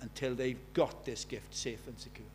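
A man preaching a sermon in a church, emphatic, asking rhetorical questions and swinging from loud to hushed. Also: mid-range voice, fairly even intonation, moderate pace, a little hiss or hum.

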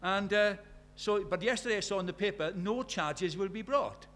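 Preaching at normal speed in a high, fairly bright voice, a middle-aged British man raises his voice slightly. He plays the characters in his stories before challenging the congregation with rhetorical questions.

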